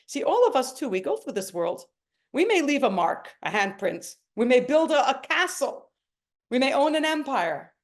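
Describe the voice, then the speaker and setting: Middle-aged woman, slightly high voice, earnest personal testimony. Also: big pitch swings, normal speed. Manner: earnest, emotional storytelling with acted quotes. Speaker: speaker sharing a personal story. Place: home.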